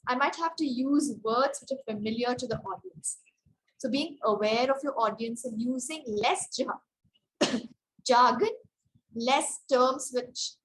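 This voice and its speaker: A woman trainer giving an online public speaking workshop over a video call, explaining clearly and shifting her tone and stress to model examples. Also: high-pitched, a bit bright, rough recording.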